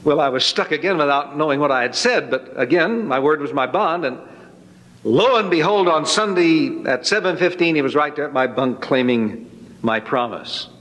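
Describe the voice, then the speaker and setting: A man's voice: on the high side, lively intonation, normal speed, a bit bright. Man telling a folksy testimony in a hall. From Northern California. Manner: folksy, dramatic storytelling. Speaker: testimony speaker. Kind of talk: spoken personal testimony. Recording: long hall reverb.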